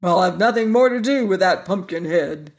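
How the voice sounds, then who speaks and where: A man reading an audiobook and voicing a touchy wooden sawhorse with a gruff, growling voice. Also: high voice, completely flat delivery, slow, a little mellow, heavily acted. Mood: indignant. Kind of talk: audiobook character voice.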